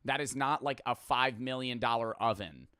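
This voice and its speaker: Young guy ranting at a video, swears a lot, bright crisp voice, dead dry sound. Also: medium pitch, normal speed, dry recording. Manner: blunt, profane, bursts into loud mocking outbursts. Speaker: streamer reacting to a video. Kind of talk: casual reaction commentary.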